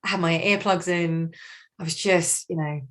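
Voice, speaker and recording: A woman voicing a quiet, focused, reserved office worker who talks in a flat, withdrawn way. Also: on the low side, normal speed, close to an everyday voice. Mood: irritated.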